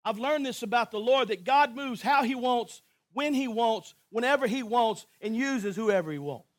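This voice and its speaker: High-voiced man preaching a sermon. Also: expressive, moderate pace, no echo. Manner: impassioned preaching with swings from hushed to shouting; repetitive, rhythmic emphasis. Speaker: pastor.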